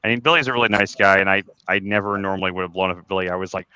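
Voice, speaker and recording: Candid low-voiced man rambling through a story. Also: fast talker, hardly any pauses, sharp tone, dry recording, dull audio. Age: 40s. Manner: candid, rambling confessional storytelling with many restarts; swears freely when reliving anger. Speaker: podcast host. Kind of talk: casual group chat on a podcast.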